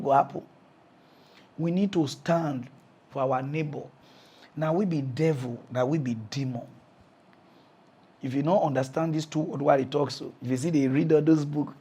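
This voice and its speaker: A man with a Nigerian Pidgin accent, hosting a mock news comedy show as an animated, laughing ranter who swings between shouting and muttering. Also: a little high, breathy edge. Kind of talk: comic pidgin rant.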